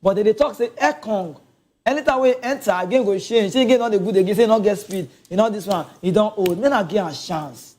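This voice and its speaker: A man with a Nigerian Pidgin accent giving a casual, animated football rant, laughing and talking straight to his viewers. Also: high-pitched, fairly quick. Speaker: football commentator.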